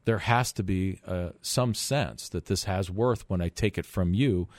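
In a deep, unhurried voice with no echo, a middle-aged finance radio host talks emphatically in his studio. His call-in show monologue features rhetorical questions and stumbling repetitions.

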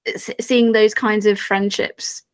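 A woman's voice: medium pitch, level tone, takes it slowly, clean tone, no echo. A woman co-hosting a podcast, speaking earnestly and hesitantly with many fillers. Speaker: podcast co-host. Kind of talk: casual podcast chat.

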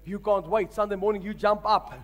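A man's voice: sits high, level tone, a little fast, lo-fi sound. A man, a pastor, preaching a sermon emphatically and calling on the congregation to respond.

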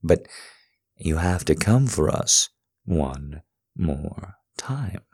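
Man, adult audio role-play, dominant and commanding, low voice, slow delivery. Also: sing-song, vocal fry, breathy edge. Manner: commanding, dominant, swings between hushed murmurs and loud urging.

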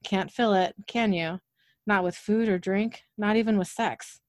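Sinister old horseman in a wheelchair, slow quiet menace, read by a woman in a dry room. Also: medium pitch, no echo, close to an everyday voice. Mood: menacing.

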